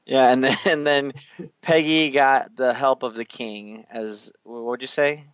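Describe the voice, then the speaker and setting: A man hosting a casual chat, retelling scenes with animated energy, acting out lines and swearing casually, on a dull, dry recording. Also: medium pitch, measured pace, clear, resonant tone, no echo. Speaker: podcast host recapping an anime.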